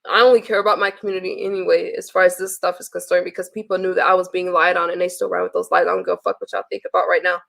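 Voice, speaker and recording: A woman's voice: fairly low pitch, little pitch movement, racing, creaky, hardly any pauses, fairly bright tone. A woman on a live stream, bluntly venting with heavy swearing and reading messages aloud to her viewers. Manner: blunt and profane, exasperated. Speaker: livestreamer.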